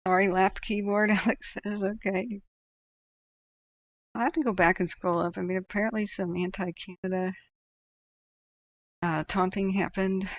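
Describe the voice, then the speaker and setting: A woman's voice: medium pitch, fairly even intonation, moderate pace, pauses often, muffled recording. A woman hosting a livestream and reading out chat, talking in a casual, opinionated way and laughing often.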